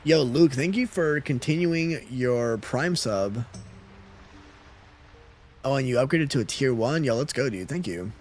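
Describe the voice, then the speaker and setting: A man's voice: medium pitch, expressive, measured pace, pauses often, a little mellow, a little hiss or hum. A man live-streaming a game, chatting casually with his viewers and reading out their messages with a laid-back, chuckling manner. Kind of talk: casual live-stream chat while gaming.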